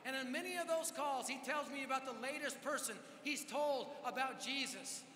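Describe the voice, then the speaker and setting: A man preaching at a conference, telling a story with energetic, dramatic swings from loud to hushed. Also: extremely high pitch, moderate pace, slight background noise. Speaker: conference speaker. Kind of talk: storytelling sermon. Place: large hall. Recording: echoey hall with long reverb.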